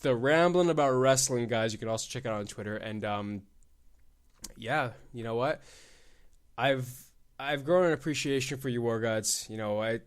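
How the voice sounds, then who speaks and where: Excitable, profane young man ranting. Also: medium pitch, normal speed, clean tone. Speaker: podcast host. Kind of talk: casual solo podcast rant.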